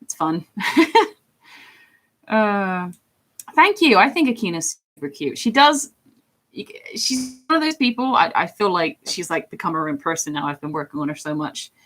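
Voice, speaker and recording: An English woman in her thirties with a deep voice, chatting casually and ramblingly on a livestream about voice acting. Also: lively intonation, normal speed, fairly bright tone. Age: 30s. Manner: rambling and chatty, with frequent fillers and laughs. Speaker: streamer and voice actor.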